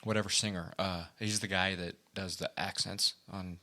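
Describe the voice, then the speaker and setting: A man's voice: deep voice, fairly even intonation, moderate pace, sharp tone. A young man co-hosting a podcast, rambling casually with lots of restarts and laughter. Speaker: podcast co-host. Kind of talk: casual chat.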